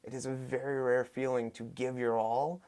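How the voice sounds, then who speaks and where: A young adult man, a fitness coach, telling stories in casual podcast talk, getting animated and loud as he gets excited. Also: medium pitch, moderate pace, clean tone. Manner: animated, voice rises sharply when excited. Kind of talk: casual storytelling.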